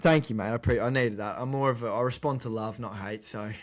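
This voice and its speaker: A man's voice: mid-range voice, steady tone, brisk. Mock-humble Australian man. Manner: self-deprecating, mock-humble. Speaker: podcast co-host. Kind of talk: casual banter.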